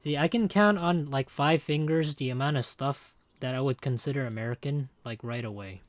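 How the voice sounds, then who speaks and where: A man's voice: medium pitch, moderate pace, dry recording. Rambling, joking male game streamer. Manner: rambling and joking, chatting with viewers. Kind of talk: casual livestream chat.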